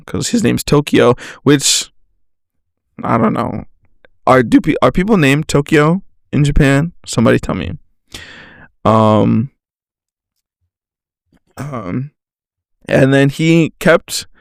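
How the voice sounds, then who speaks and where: A man's voice: medium pitch, vocal fry, no room sound, studio quality. A young man hosting a casual monologue, animatedly retelling a chat conversation, reading the messages aloud and swearing freely. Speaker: podcast host.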